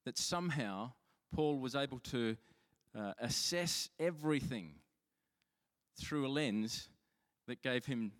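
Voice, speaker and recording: A man's voice: medium pitch, expressive, slow. A man preaching a sermon as pastor, telling stories in a chatty, self-mocking way with frequent restarts. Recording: long hall reverb.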